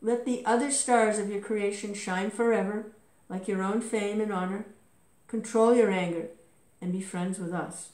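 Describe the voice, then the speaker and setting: A woman's voice: medium pitch, fairly even intonation, moderate pace, a little mellow, close to an everyday voice. A woman voicing a humbled group of gods who plead in a placating, entreating way. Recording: roomy echo.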